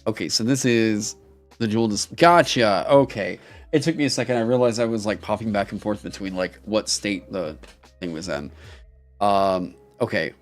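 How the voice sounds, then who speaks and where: A man's voice: fairly low pitch, faint music behind. Man reading and critiquing on stream. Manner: reads aloud haltingly with many ums, breaks into excited laughing asides; swears casually. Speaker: streamer critiquing game designs. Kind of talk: casual live-stream critique.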